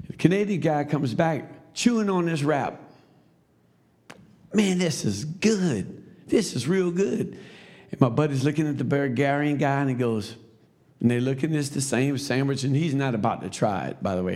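A man's voice: medium pitch, a little mellow. A man teaching a Sunday school class, telling a story in a loose, conversational preaching style with asides to the class.

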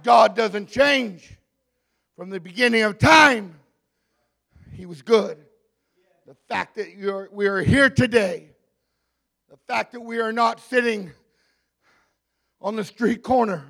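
A man preaching a sermon in a church, rising to shouted, drawn-out climaxes between joking asides. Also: high voice, creaky. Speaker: pastor. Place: church hall. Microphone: handheld mic.

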